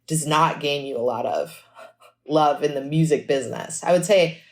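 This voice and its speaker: Chatty lady musician, lowish voice, acts out convos, lots of "like". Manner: animated storytelling, acts out quotes; fast and chatty, frequent "like". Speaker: musician guest. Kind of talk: casual podcast interview.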